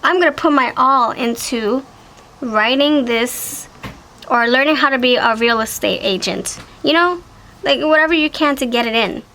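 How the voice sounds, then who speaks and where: Chatty woman with a slightly high voice. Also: moderate pace, a little hiss or hum, rough recording. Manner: chatty and animated, with exclamations and self-corrections. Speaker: tarot reader. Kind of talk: casual pick-a-card tarot reading to viewers.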